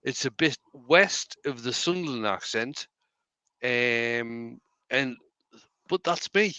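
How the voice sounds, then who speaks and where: A man's voice: medium pitch, takes it slowly, sharp tone, dry recording. A man with a County Durham accent, chatting and telling stories on a live stream, laughing and repeating words as he goes. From County Durham, England. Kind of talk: casual chat.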